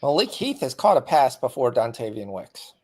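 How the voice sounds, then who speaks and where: A man's voice: medium pitch, big pitch swings, moderate pace, darkish tone. A man hosting a live sports betting show, calling the game play by play and talking about bets.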